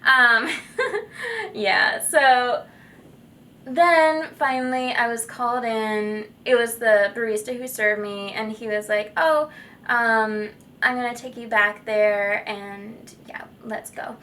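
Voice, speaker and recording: Young woman vlogger, chatty and giggly, bright and a bit high, slightly off-mic with faint room hum. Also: takes it slowly, distant mic. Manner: chatty, giggly, lots of fillers. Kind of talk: casual storytelling.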